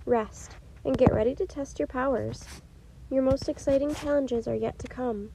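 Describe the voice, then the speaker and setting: A woman reading aloud who voices a gentle, wise enchantress in a calm, measured way, softly and a little solemnly. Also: high voice, creaky, heavy background noise.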